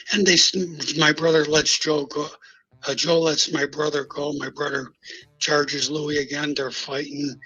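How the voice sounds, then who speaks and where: An older man tells a hard street story on a live stream in a slightly high, breathy, tense voice. His telling is blunt and salty, with every line of dialogue acted out in quick exchanges. Faint music sits behind him. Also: bright, forceful tone, dull audio. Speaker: guest recounting mob history.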